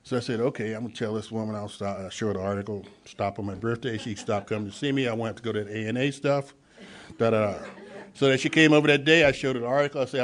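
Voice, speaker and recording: A man speaking at a recovery meeting, telling his own story and acting out the dialogue, swinging from hushed to loud. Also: mid-range voice. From Los Angeles. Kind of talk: personal testimony at a meeting.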